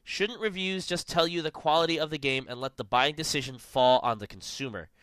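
Bright, crisp-voiced man hosting a podcast. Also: fairly high pitch, brisk, no echo. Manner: rambling, jokey, lots of fillers. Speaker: podcast host. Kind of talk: casual podcast chat.

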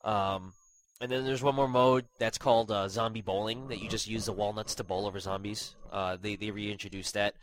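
A man's voice: on the low side, steady tone, a little fast, no echo, rough recording. A young man with a stuffy nose hosting a casual gaming podcast, rambling with lots of fillers and self-deprecating asides. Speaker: podcast host.

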